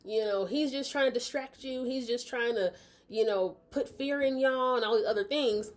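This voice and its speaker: Woman playing a male town leader, firm, hushing, slightly raised voice. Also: a little high, moderate pace, voice pushed up, close to an everyday voice. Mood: urging calm. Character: male town leader calming an angry crowd.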